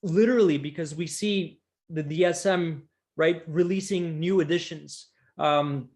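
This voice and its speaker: A psychotherapist taking part in an academic discussion, explaining ideas in halting bursts with many restarts and tag questions. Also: male voice, on the high side, a little mellow. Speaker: psychotherapist guest.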